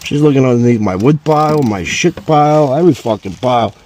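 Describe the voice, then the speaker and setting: A man's voice: medium pitch, fairly quick. A man in his forties tells a joking, profane story while he changes a car's oil outdoors at home. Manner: profane, joking, rambling and animated. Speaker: DIY car vlogger. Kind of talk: casual storytelling while working on a car.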